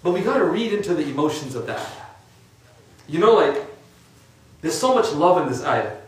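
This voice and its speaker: A man's voice: fairly high pitch, sing-song, normal speed. A man giving an informal religious talk in a conversational way, with lots of casual fillers. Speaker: religious speaker. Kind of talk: informal sermon. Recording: echoey room from a distant mic.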